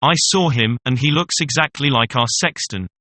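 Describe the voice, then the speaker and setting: A man's voice: mid-range voice, moderate pace, bright, forceful tone, no room sound, close to an everyday voice. A man reading the lines of an eager male farmer in a storybook.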